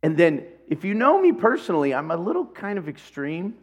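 A male pastor preaches in a somewhat high voice, building his sermon around a personal story. He talks with animation and acts out the dialogue as he tells it. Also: huge pitch swings, brisk, breathy edge.

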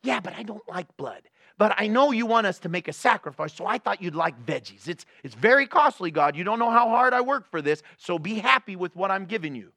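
Preacher doing cain whining excuses, kinda high and bright, dry sound. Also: male voice, lively intonation, brisk, vocal fry, no echo, heavily acted. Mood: defensive. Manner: whiny excuses. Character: grumbling male Cain, defensive and self-justifying.

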